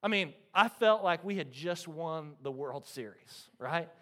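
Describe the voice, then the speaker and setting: A man in his thirties, a pastor preaching a sermon, telling stories with lively energy and often checking in with the congregation. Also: fairly high pitch, measured pace. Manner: animated storytelling, frequent "right?" to the congregation.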